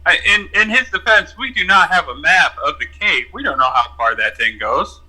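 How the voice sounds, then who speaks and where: Bright-toned rambling player. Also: male voice, on the high side, lively intonation, normal speed, slightly rough, rough recording. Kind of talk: tabletop role-play chat.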